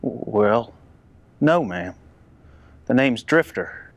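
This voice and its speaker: A man's voice: medium pitch, lively intonation, very slow, gravelly, no echo, full character voice. Polite drifter type played by a man, dry close mic. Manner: polite, deferential. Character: polite wandering male stranger.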